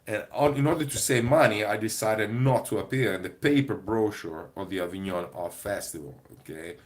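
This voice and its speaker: Rambling, low-voiced man telling stories. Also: fairly quick. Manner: rambling and digressive, often laughing. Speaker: comedy performer. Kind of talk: casual vlog monologue.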